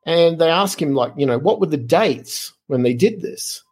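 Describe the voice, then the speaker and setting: Middle-aged Aussie male podcast guest, slightly raspy, chatty animated storyteller. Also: on the high side, normal speed. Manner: animated, lively anecdotes with frequent fillers. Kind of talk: casual storytelling.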